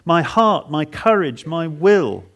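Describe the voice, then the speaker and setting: A man preaching in a higher-than-usual register with a gravelly edge to his voice. He retells scripture dramatically in the first person. His delivery is halting, and he repeats words for emphasis. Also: very animated, fairly bright tone. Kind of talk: expository sermon.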